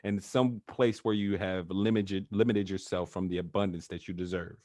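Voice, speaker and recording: A man's voice: sits low, fairly even intonation, moderate pace, dark tone, dry recording, studio quality. A man working as a coach who talks in a casual, chatty way, with filler words and frequent laughs, over a video call. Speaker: NLP trainer, guest.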